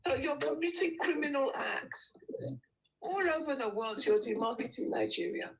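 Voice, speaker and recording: A woman calling in to a talk show, indignant and asking pointed rhetorical questions. Her voice is high. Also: expressive, moderate pace, vocal fry, low-quality recording. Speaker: caller. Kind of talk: call-in chat.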